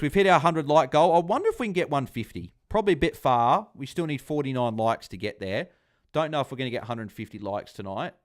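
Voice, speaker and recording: A man hosting a live fantasy football watchalong stream, chatting casually, reading viewer comments aloud and cheering on players. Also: on the low side.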